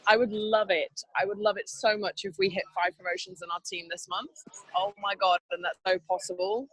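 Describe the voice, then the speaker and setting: A woman's voice: mid-range voice, steady tone, brisk, fairly bright tone, breathy edge, dry recording, low-quality recording. A woman leading a team training over a video call, upbeat and chatty, laughing often. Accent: not Canadian. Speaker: team leader.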